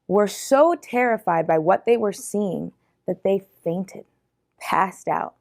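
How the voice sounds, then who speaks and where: A woman storyteller retelling a Bible story for young people in a lively, casual way. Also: mid-range voice.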